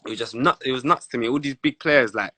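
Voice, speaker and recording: A young man with a London accent, a former footballer telling stories in a casual sit-down interview, animated and full of street slang. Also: medium pitch, fast, a little hiss or hum.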